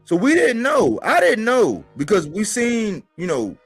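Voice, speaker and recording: A man's voice: sits high, sing-song, a little slow, slightly rough, soft background music. A man hosting a boxing commentary livestream, talking in an emphatic, slangy way and repeating points for stress. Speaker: boxing commentator and show host.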